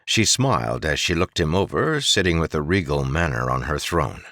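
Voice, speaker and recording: A man reads a fantasy audiobook in a very low voice. His delivery moves expressively up and down as he tells the story. The studio sound is close and dry. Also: animated, normal speed, sharp tone, no echo. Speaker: audiobook narrator. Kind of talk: scripted fantasy audiobook narration.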